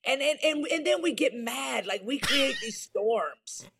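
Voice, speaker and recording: A woman's voice: sits high, expressive, a little slow, vocal fry, a bit bright, slightly rough. A woman with a Southern US accent, a pastor speaking candidly as an interview guest, with an emphatic, folksy preacher's delivery.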